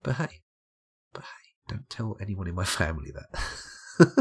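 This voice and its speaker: A man's voice: fairly low pitch, very animated, slow, breathy edge. A tired young man, rambling and self-mocking as he chats to viewers on a late-night game stream.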